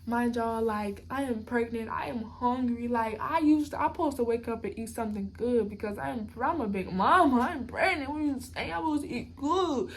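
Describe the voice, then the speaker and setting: A young woman tells a storytime vlog to her viewers in a lively, chatty way, her voice sitting a little high. Faint noise hums behind her. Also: normal speed, hardly any pauses. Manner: animated, talks straight to viewers as "y'all". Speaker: vlogger. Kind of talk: casual storytime.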